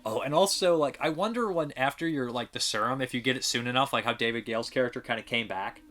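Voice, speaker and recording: Male host, casual review chat, bright voice, rambling delivery. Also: medium pitch, fast talker. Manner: rambling, enthusiastic, frequent restarts. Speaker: podcast host reviewing films.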